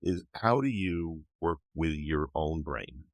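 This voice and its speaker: A man's voice: rumbling low, expressive, takes it slowly, no room sound. An older man with a cold, patiently explaining ideas as a guest author in an interview. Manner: patient, teaching tone. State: has a cold.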